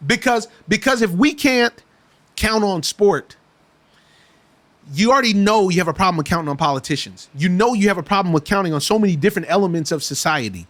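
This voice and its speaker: Impassioned man with a high voice. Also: lively intonation, brisk, a bit bright. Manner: impassioned, repetitive, restarts phrases. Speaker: podcast guest. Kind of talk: casual talk show discussion.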